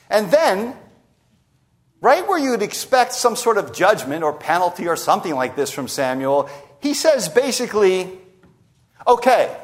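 A man preaching a sermon, retelling a scripture story and voicing the people in it. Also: fairly high pitch. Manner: lively storytelling preacher, voicing quoted speakers. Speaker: pastor.

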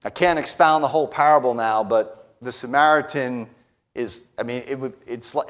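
A man preaching a sermon who often tags his points with a quick question and swings between hushed lines and raised declarations. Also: medium pitch. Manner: emphatic, often adds a tag question "right?".

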